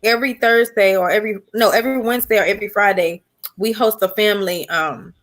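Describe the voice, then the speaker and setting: A woman guest on a casual livestream talk show, an animated storyteller. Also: mid-range voice, quick pace. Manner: animated storyteller, mimics family voices. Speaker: guest YouTuber.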